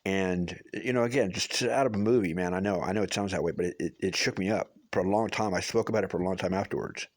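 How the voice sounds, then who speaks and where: Low-voiced guy rambling thru a story, lots of restarts, dry close mic. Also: quick pace, few pauses, no echo. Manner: rambling, with many restarts and fillers; earnest, swears for emphasis. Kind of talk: casual personal storytelling.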